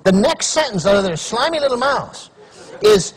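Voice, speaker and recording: With a very high, slightly breathy voice at a normal speed, a middle-aged man from Canada gives a humorous keynote address. He's a motivational speaker who tells lively stories, performing the voices of the people in them.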